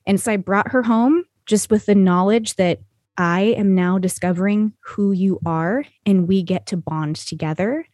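A woman's voice: mid-range voice, normal speed, a little mellow, no room sound, clean studio sound. A woman talking as a podcast guest, telling stories in an earnest, rambling way full of "you know" and "like". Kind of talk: conversational storytelling.

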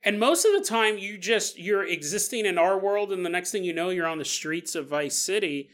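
A man's voice: high-pitched, lively intonation, moderate pace, fairly bright tone. A man hosting a podcast, talking in a casual, joking monologue, laughing often and acting out quoted people in exaggerated voices. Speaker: podcast host.

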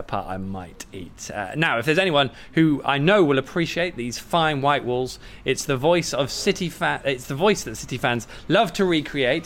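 A man's voice: fairly high pitch, a bit bright. A jovial man hosts a casual football podcast, chatting and laughing easily. He records in a café with a faint hum of ambience behind him. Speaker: podcast host.

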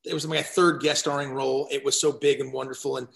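A man guesting on a podcast, chatting and telling stories in an animated way, often restarting his sentences. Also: mid-range voice, quick pace, vocal fry, roomy sound. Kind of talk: casual chat, storytelling.

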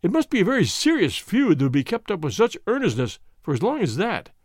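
A man reading an audiobook puts on a full character voice, pitched above his own, for a stern police inspector who questions insistently and formally, with a probing mood. The voice is high with wildly swooping pitch and a fairly quick pace, recorded dry with clean studio sound.

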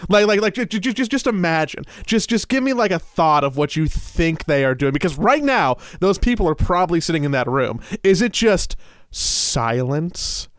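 Smooth-voiced young man, dry close mic. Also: on the high side, expressive, moderate pace, no room sound. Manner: rambling, repeats words, laughs easily. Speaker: podcast co-host. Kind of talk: casual chat.

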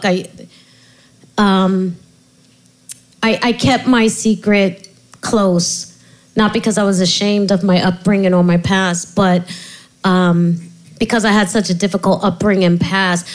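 A middle-aged woman speaks candidly as an author being interviewed. She tells her story with frequent restarts and fillers. She has a mid-range pitch. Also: poor audio. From Puerto Rico heritage. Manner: animated storyteller, laughs often, many restarts. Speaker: author and guest.

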